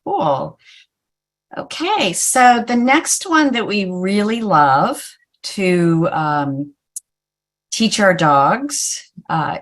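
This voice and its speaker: A woman dog trainer speaks slowly and hesitantly, often stopping to restart her sentences. Her voice sits a little low. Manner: hesitant, many fillers and restarts. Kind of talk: casual webinar chat.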